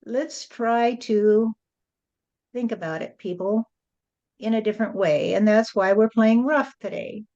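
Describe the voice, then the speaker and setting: A woman's voice: on the high side, measured pace, mellow, dull audio. A woman channeling a spirit and speaking as God, blunt and lecturing, often adding "you see".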